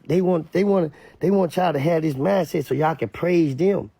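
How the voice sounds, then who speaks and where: Louisiana man, blunt emphatic commentator, husky and gravelly, dry close sound. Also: a little high, moderate pace, warm tone, no room sound. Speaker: online commentator. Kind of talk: casual commentary rant.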